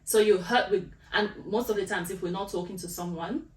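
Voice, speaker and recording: A woman's voice: mid-range voice, fairly quick. A woman co-hosting a podcast in casual faith conversation, reflective and thinking aloud. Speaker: podcast co-host. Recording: echoey room, distant mic, faint noise.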